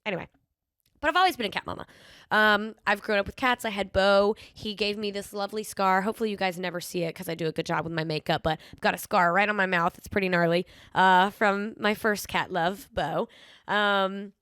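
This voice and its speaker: A young woman hosts a solo podcast in a casual, chatty way, telling stories with playful sass and lots of ums, with a slight lisp now and then. Her mid-range voice is fairly bright, clear and resonant, with fairly even intonation and a slightly fast pace. The recording is clean studio sound with no echo.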